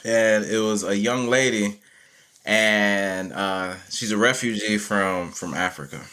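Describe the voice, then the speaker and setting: Bright-toned man telling lively stories. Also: fairly low pitch, slow, smooth. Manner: animated, laughing, acts out quotes. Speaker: community educator, guest. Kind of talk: conversational storytelling.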